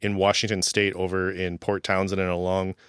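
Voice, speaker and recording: Smooth, low-voiced man sharing anecdotes. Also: completely flat delivery, fairly quick, a bit bright, no room sound, clean studio sound. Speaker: podcast co-host. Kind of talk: casual chat.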